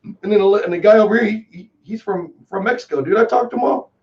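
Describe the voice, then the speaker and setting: A man in his twenties with a Texan accent, a guest talking in a rambling, excitable way and calling people dude and man. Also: high voice, fast. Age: 20s. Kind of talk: casual chat. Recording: distant, dull lo-fi call audio.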